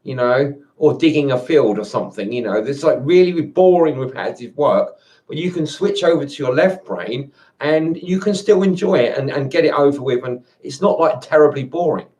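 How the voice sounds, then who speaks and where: A man's voice: medium pitch, expressive, moderate pace, darkish tone. A man in an angry monologue to camera, swearing and repeating himself as he rants. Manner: agitated, swearing, repeats and restarts words. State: angry, worked up. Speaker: video rant maker.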